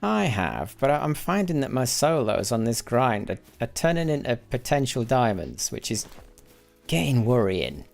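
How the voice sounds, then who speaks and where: Gravelly-voiced man rambling over gameplay. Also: mid-range voice, sing-song, normal speed, soft background music. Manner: rambling, self-correcting, mutters while counting. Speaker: gaming livestreamer. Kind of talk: casual live gameplay commentary.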